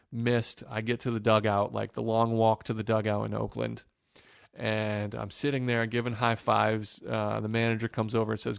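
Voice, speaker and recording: A man, a former pro pitcher from Northwest Ohio, telling emotional stories in a podcast interview, with fillers and restarts. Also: creaky, no room sound, clean studio sound. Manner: emotional, reflective storytelling with many fillers and restarts.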